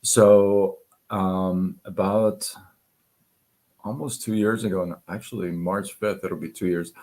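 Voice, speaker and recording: A man hosting a casual livestream, halting with many fillers and clearing his throat, losing his voice. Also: low voice, steady tone, a little mellow. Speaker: livestream host. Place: home apartment.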